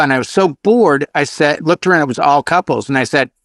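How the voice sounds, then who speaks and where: A chatty man with a slightly higher voice swaps stories in a convention hallway. He talks casually and drops into quick mock announcements. The sound is dry and close, with no room echo. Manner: storytelling, chatty, acts out his announcements. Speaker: DJ show host. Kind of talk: casual chat.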